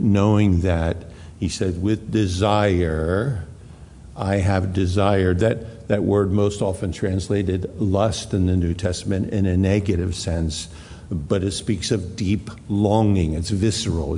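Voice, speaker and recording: A man preaching a sermon in a church, slow and deliberate, repeating phrases for emphasis. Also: low-pitched, warm tone. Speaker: pastor. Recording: long hall reverb.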